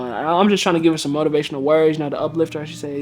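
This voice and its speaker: A man's voice: on the high side, quick pace, few pauses. Profane storytelling man from Milwaukee. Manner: casual, animated, profane storytelling with acted quotes. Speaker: dating coach. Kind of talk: storytelling vlog.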